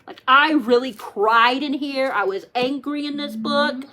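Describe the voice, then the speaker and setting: A woman with a high voice talks at a measured pace, her tone pushed and bright. She's a book reviewer chatting casually to camera about her favorite books, gushing and emotional, with lots of "like" fillers. She sounds tearful, close to crying.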